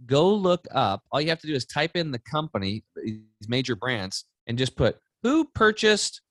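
A man in his forties, a podcast guest, chatting casually and telling stories with lively acted-out voices. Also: medium pitch, moderate pace, dry recording. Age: 40s. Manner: animated storytelling, acting out voices. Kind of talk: casual chat.

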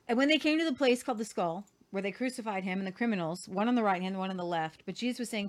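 A woman reads scripture aloud in an earnest, unpolished way. She now and then trips over and repeats a word, and she breaks off for casual remarks of her own. Her pitch sits in the middle range for a woman. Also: a little fast. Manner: earnest, stumbles and repeats words while reading. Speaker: co-host of a Christian show.

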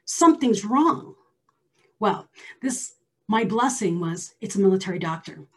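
A woman in her forties tells a personal story with a husky, breathy edge to her voice. She talks emphatically and at times drops almost to a whisper for stress. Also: mid-range voice, moderate pace. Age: 40s.

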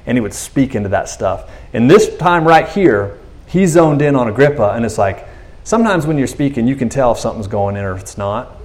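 A man preaches in a relaxed, conversational way, with slang and filler words throughout. His voice sits at a medium pitch for a man. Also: fairly quick. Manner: casual and chatty, slangy asides, lots of fillers. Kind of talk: casual sermon.

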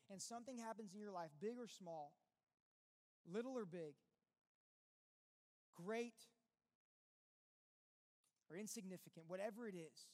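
High-voiced man preaching in a hall. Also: darkish tone. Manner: earnest, conversational preaching with rhetorical questions. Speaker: pastor. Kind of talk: sermon. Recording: long reverb with faint music behind.

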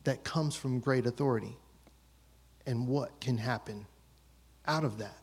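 A man's voice: medium pitch, measured pace, darkish tone, husky. A man in his thirties preaching a sermon as pastor, telling a story about his children and acting out their voices.

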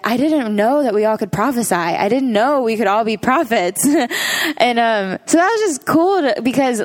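A woman recounting a mission trip to a church gathering in a relaxed, even way. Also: on the high side. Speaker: mission trip team member. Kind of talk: casual testimony to a church gathering.

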